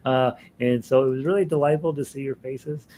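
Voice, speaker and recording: A man's voice: mid-range voice, steady tone, a little fast, mellow, a little hiss or hum. Chatty middle-aged male ukulele teacher. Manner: rambling, chatty, frequent fillers and restarts, laughs often. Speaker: ukulele teacher hosting an online class. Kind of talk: casual live-stream chat reading viewer comments.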